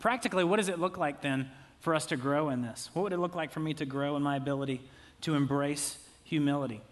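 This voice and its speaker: Conversational male pastor, slightly high voice. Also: fast. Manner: conversational, jokey asides, acts out quotes. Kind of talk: sermon.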